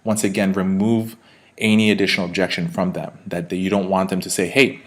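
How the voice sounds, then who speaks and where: A man's voice: low-pitched, level tone, brisk, noisy background. A man, a sales trainer, giving an instructional talk straight to his viewers in a conversational way, with frequent fillers and tag questions.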